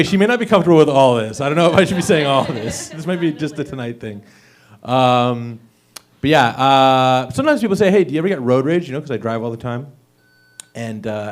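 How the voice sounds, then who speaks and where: A young man performing a stand-up set at an open mic, with an awkward, self-deprecating delivery full of fillers. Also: medium pitch. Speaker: stand-up comedian. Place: comedy club stage.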